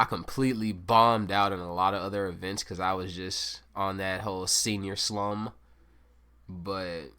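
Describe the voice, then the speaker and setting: A young adult man hosts a solo podcast in a lowish, bright, forceful voice. He rambles and swears through a casual story, adding self-mocking asides.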